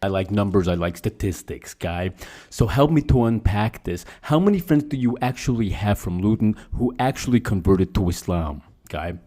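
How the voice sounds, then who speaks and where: A man doing a solemn, low interviewer who delivers each question in a flat, deadpan way. He keeps tacking "guy" onto his sentences. The tone is mellow and fairly deep. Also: normal speed, few pauses. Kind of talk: parody interview.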